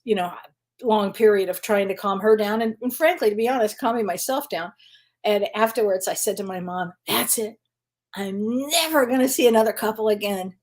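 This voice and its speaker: A woman, a spiritual medium and psychotherapist, hosting a casual live Q&A stream. She chats easily, greets viewers by name and laughs often. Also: mid-range voice. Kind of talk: casual livestream chat.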